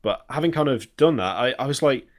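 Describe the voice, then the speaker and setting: A man from the UK co-hosting a casual gaming podcast, talking in a relaxed, rambling way full of fillers. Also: medium pitch, brisk. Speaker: podcast co-host.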